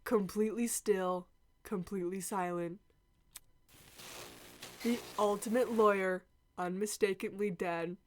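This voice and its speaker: A woman's voice: mid-range voice, fairly even intonation, measured pace, long pauses, slight background noise. A woman playing a murder-mystery game, reading narration aloud and breaking into shrieking emotional reactions. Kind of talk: let's play commentary with read-aloud narration.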